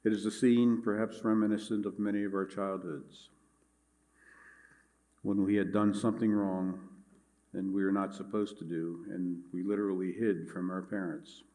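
Low-voiced man preaching a sermon. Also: level tone, dark tone. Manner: measured, earnest preaching with scripture reading. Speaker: pastor.

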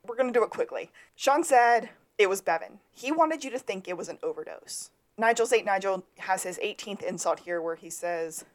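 A young woman co-hosts a chatty recap podcast. Her voice moves a lot in pitch and she slips into exaggerated voices for the quotes she reads out. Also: lively intonation, moderate pace, few pauses. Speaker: podcast co-host. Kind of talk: casual recap chat.

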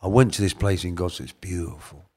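Bloke, middle-aged, lowish voice, chatty and earnest, goes quiet then punchy. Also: male voice, fast, husky. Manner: colloquial, earnest, swings between soft and emphatic. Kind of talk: personal storytelling.

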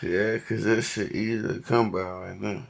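A man co-hosting a podcast, mostly chiming in with slow, sparse agreement in casual chat. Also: lowish voice, steady tone, gravelly, reverberant, a little hiss or hum.

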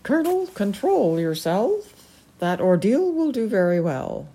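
A woman's voice: medium pitch, very animated, unhurried, warm tone, husky, voice pushed up, exaggerated voice. A woman voicing a stern, commanding female peregrine falcon in a storybook reading, formal and imperious.

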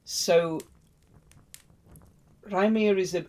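A woman's voice: lowish voice, measured pace, darkish tone, poor audio. A woman hosting a podcast, retelling a myth in a chatty, wry way. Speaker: podcast host.

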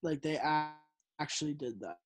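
A man's voice: on the high side, expressive, moderate pace. A young man telling a story in casual chat, rambling with lots of fillers. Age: young adult. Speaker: storyteller friend.

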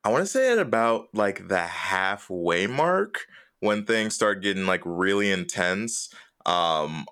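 Podcast co-host, very low voice, smooth tone, casual chat, hesitant, many ums. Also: lively intonation, slow, a bit bright.

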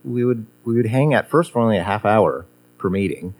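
A man's voice: lowish voice, animated, fairly quick, darkish tone. A man, a former guitar teacher, reminiscing in casual conversation, rambling with many fillers and restarts.

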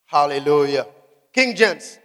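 A man preaching a sermon, asking the congregation questions and shouting out scripture. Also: a little high, expressive, measured pace, smooth, in a large hall. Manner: emphatic call-and-response preaching, shouting scripture.

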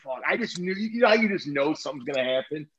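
A man with a notably high voice spins a profane, animated story in a casual chat. He swears freely and laughs partway through lines. The sound is slightly muffled. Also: fast, breathy edge.

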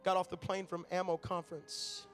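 A man preaching a sermon to a church crowd, telling stories and building up to shouted, fervent climaxes. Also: high-pitched, flat delivery, normal speed, soft background music. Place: church auditorium.

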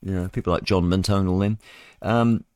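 A man's voice: sits low, fairly even intonation, brisk, a little mellow, clear, resonant tone, no echo. A male radio host, reading news items and adding rambling, mocking commentary with chuckling asides. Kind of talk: solo talk radio commentary.

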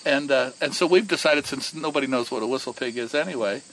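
Animated storytelling man, crickets behind. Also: medium pitch, fast talker, slight background noise, poor audio. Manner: animated, repeats and restarts words. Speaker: whiskey distillery co-founder. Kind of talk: casual storytelling.

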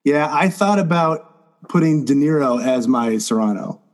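Podcast guy talking slow but really lively pitch, teasing, laughs a lot. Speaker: podcast co-host. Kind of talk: casual chat.

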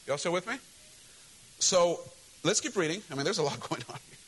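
A man preaching a sermon in a church, with a voice a little higher than most. He is animated and direct, acts out the people in the story and calls questions to the congregation. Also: fairly quick, husky, low-quality recording. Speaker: pastor.

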